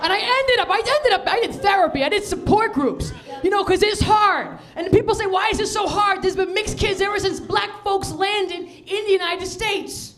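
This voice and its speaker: A woman comedian telling a stand-up story, with laughing asides and shouted punchlines. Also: very high voice, normal speed, hardly any pauses.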